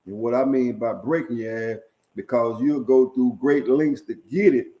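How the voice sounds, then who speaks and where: Middle-aged storyteller, streetwise and profane, mellow dark voice, leans on "man" and "right?" between lines. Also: mid-range voice, rough recording. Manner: chuckles at his own stories. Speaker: storyteller sharing prison stories. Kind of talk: casual storytelling monologue.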